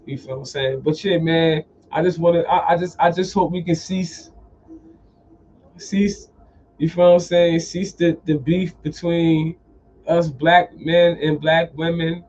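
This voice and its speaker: A podcast host with a fairly high voice delivers a casual storytelling monologue at an unhurried pace. He's profane and animated, repeating phrases, and the lo-fi recording sounds dull.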